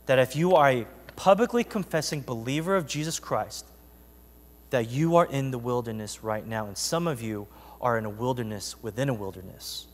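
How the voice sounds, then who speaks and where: Reading scripture aloud and preaching with earnest, conversational warmth, this male pastor speaks to his congregation at normal speed. His medium-pitched voice is expressive and carries through the large hall of a church sanctuary.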